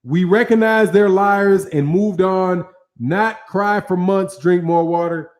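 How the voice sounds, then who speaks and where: A man hosting a boxing channel, talking casually in a live-stream style, animated and slangy, laughing often and acting out what fighters said. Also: sits high, takes it slowly.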